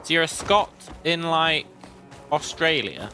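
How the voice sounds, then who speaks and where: A man streaming a video game, chatting wryly with viewers and often clearing his throat. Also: a little high, lively intonation, unhurried, sharp tone, soft background music. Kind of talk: casual gameplay commentary.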